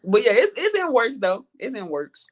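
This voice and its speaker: A woman's voice: a little high, very animated, moderate pace. A woman rap artist from Houston with a Southern accent, talking in a laid-back, slangy way and swearing freely in a casual interview. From Houston, Texas.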